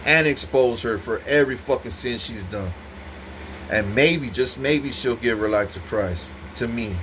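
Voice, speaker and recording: A man's voice: mid-range voice, a little slow, fairly bright tone, slight background noise. A man giving an intense, profane, rambling monologue to the camera, repeating himself as he goes. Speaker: vlogger speaking to camera.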